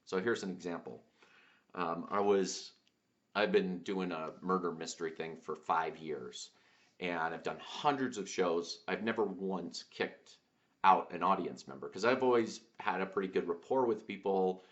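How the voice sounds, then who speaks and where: A very low-pitched man, hosting his own show, tells a personal story in a reflective, searching way. He halts often, fills gaps with fillers and starts his sentences over. The recording sounds dull and lo-fi. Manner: halting, many fillers and restarts. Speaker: podcast host.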